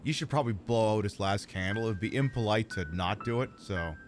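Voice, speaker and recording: A man commentating on a video game playthrough, jokey and profane, getting loud and excited at surprises. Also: on the low side, a little fast, slight background noise. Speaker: gameplay streamer. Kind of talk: let's-play commentary.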